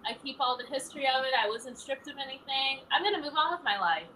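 A woman's voice: sits high, expressive, fast, pushed and bright, a little hiss or hum, low-quality recording. A woman talking animatedly as an interview guest, laughing often as she tells her story. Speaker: interview guest, former pageant titleholder. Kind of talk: casual interview chat.

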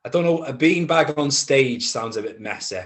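An actor appearing as a guest chats casually in a mid-range male voice with lively intonation. He speaks haltingly with lots of restarts, which build up until he turns emphatic while giving advice.

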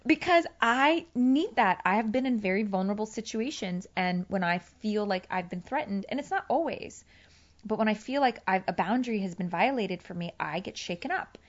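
In a lo-fi recording, a woman with a mid-range voice and lively intonation speaks at a moderate pace. She candidly tells the story of a fight with her partner, playing both sides of the exchanges.

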